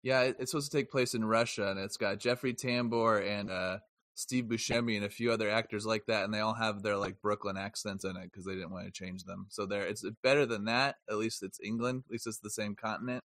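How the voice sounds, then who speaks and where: A man chatting loosely about a film he just watched. His voice sits at an ordinary pitch and sounds dry and close, with no room echo. He talks in a rambling way, often restarting his sentences. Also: steady tone, brisk, fairly bright tone. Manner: rambling, self-correcting, jokey. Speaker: podcast co-host. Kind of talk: casual film review chat.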